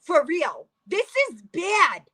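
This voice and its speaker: A woman's voice: very high voice, sing-song, slow pace, bright, forceful tone. A woman reacting on a live stream, sarcastic, incredulous and profane.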